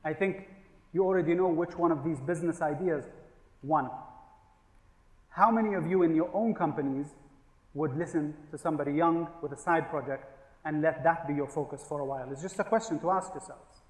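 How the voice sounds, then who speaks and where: A man's voice: a little high, brisk. A man giving a humorous business keynote, telling stories and asking the audience questions. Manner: storytelling with jokes and rhetorical questions. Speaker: conference speaker. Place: large conference hall. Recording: echoey hall with long reverb.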